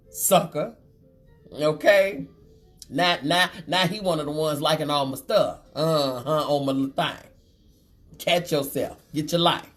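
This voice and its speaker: A woman, hosting a live chat show and reading out viewer comments with sass and frequent laughter. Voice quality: deep voice. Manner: sassy and animated, laughing often. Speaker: talk show host.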